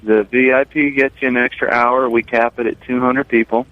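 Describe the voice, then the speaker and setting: A man's voice: medium pitch, level tone, normal speed, no room sound. A laid-back brewer talks plainly over the phone, his voice narrowed to a tinny, lo-fi band. The line is dry, with no room sound around it, and he leans on fillers as he chats. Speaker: brewer and festival organizer, phone guest. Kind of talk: casual radio chat. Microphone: telephone.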